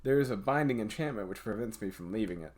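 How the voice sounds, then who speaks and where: A man reading aloud and voicing a powerful, proud female dragon in a game, a bit louder and higher than his own voice. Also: animated, fast talker, lightly acted. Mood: commanding. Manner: louder and slightly raised when voicing her.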